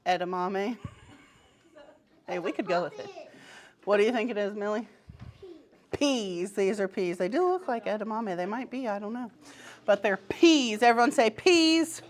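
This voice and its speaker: A woman's voice: mid-range voice, animated, moderate pace, pauses often. A young woman teaching a pre-kindergarten class in a classroom, upbeat and encouraging, giving short firm directions to small children. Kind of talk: classroom instruction.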